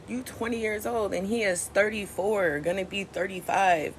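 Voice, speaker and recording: Gravelly-voiced woman venting to her phone. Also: mid-range voice, fairly even intonation, normal speed, hardly any pauses, a little hiss or hum. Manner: blunt, profane, rambling. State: tearful. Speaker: social media vlogger. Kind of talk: emotional venting vlog. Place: at home early morning.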